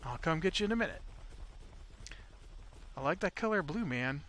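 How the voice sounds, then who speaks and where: A man's voice: fairly high pitch, lively intonation, moderate pace, fairly bright tone. A man rambling through casual gameplay commentary as a video host, chatting to his in-game pet dinosaur.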